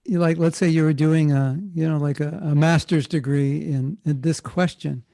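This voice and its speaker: A man's voice: on the high side, fairly even intonation, moderate pace, creaky, mellow, no room sound. Man, guest speaker at a temple, informal spiritual talk, storytelling, restarts a lot, dry sound. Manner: storytelling, informal, many restarts and self-corrections. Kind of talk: conversational spiritual talk answering a question.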